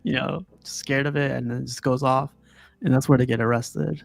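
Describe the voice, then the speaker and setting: A man's voice: mid-range voice, fairly even intonation, normal speed, creaky, no room sound. A man chatting casually about a movie he loves, laughing often and rambling loosely. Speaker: podcast host. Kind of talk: casual movie review chat.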